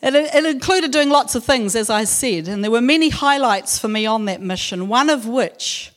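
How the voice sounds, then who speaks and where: Woman at church reading bible verses real slow then telling a story, easygoing and a bit funny. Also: medium pitch. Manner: reads scripture slowly then tells a story with gentle humour. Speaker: church speaker sharing a testimony. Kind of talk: devotional talk and personal story.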